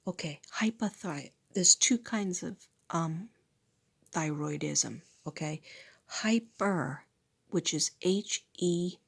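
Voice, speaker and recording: A middle-aged woman speaks in a hoarse, breathy half-whisper because she is losing her voice. She talks slowly and gently, with a slightly low tone, and repeats spiritual affirmations in a soft, unhurried way. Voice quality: breathy, husky. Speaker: spiritual teacher and channel host. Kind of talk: slow casual spiritual talk with affirmations.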